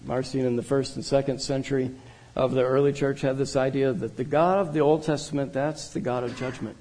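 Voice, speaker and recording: Man pastor, sermon, earnest, husky voice, mellow dark tone. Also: medium pitch, fairly even intonation, fairly quick, rough recording. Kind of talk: sermon with reading aloud.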